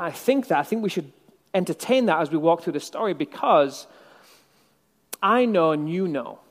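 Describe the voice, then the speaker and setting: High-voiced preacher in a reverberant hall. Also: male voice. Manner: conversational, reflective, wry asides. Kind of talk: sermon.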